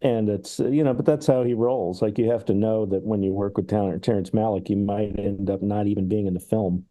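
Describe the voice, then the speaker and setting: A man's voice: fairly low pitch, fairly even intonation, fairly quick, mellow. A man talking casually as a podcast guest about film, thoughtful and musing, who acts out comedy sketches as he retells them.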